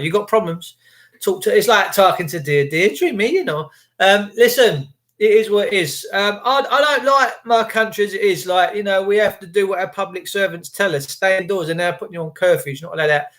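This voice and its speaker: Live-stream host, man, high-pitched, chatty and cheeky, prone to ranting. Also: a bit bright. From England. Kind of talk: casual live-stream chat greeting viewers.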